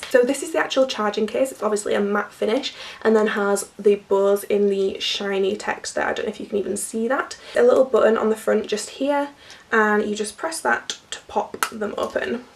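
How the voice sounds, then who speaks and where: A young woman vlogger, croaky from a cold, chatting casually through a product unboxing with plenty of fillers. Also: medium pitch, fairly even intonation, fairly quick, recorded from a distance, slight background noise. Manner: chatty, filler-heavy, laughs often.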